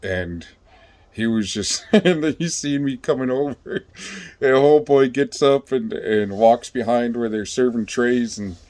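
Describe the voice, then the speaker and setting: A man's voice: mid-range voice, measured pace, darkish tone. A man casually telling his own story on a vlog, rambling and swearing, with many fillers and restarts.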